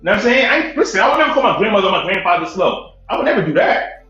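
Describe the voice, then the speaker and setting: A man's voice: high voice, sing-song, racing, pushed and bright. A man from Connecticut arguing his point in a casual panel debate, insistent and repeatedly cutting in to be heard. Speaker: panel speaker. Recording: echoey, dull audio-room call with faint music.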